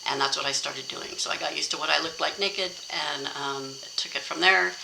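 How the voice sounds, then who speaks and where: A woman's voice: deep voice, normal speed, gravelly, background noise. A middle-aged woman teaching a self-help course in a casual, candid and encouraging way. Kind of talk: casual instructional talk.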